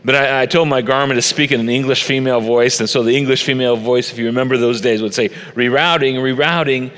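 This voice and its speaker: A man's voice: mid-range voice, flat delivery, fast, a bit bright, long reverb tail. A middle-aged male pastor preaching a sermon on a church stage, conversational and personal, into a stage microphone.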